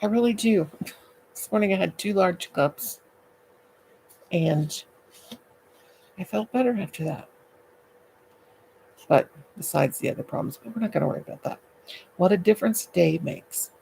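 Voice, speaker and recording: A woman's voice: on the low side, animated, normal speed, creaky, long pauses, dark tone, a little hiss or hum, poor audio. An older woman hosting a late-night live stream from home, chatty and goofy, greeting viewers by name into her laptop. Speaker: livestream host. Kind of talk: casual live chat with viewers.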